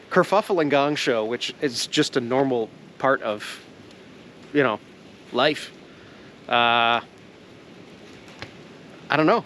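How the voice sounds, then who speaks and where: A man's voice: mid-range voice, slow, long pauses, fairly bright tone, a little hiss or hum. A Canadian man chatting casually in an outdoor vlog, rambling and joking, laughing often and swearing casually. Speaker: vlogger. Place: outdoors in the woods at a sap boil.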